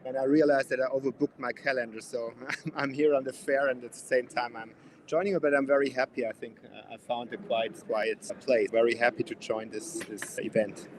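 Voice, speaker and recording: A man introducing himself on a call from a trade fair, friendly and halting, with restarts. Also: medium pitch, fairly even intonation. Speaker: guest professor. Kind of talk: casual introduction on a video call. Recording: noisy fair background.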